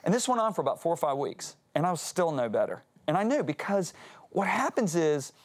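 A man's voice: on the high side, sing-song, fairly quick. A man, a Christian author and guest speaker, telling a story earnestly on a talk show, acting out quotes with animation.

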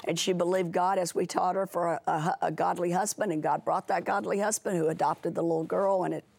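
A woman's voice: lowish voice, fairly even intonation, a little fast, creaky, a little mellow. A woman who is a guest on a faith talk show, telling stories earnestly and often restarting her sentences. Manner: earnest storytelling with frequent restarts.

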